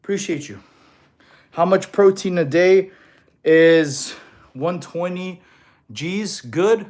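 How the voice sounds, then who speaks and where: A man in his thirties, originally from Russia, hosts a casual fitness livestream and answers his viewers' comments one by one. His voice sits a little high for a man. He sounds slightly winded, as if he has just finished a set of exercises. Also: slow pace, darkish tone. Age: 30s. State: out of breath after exercise. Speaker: fitness streamer.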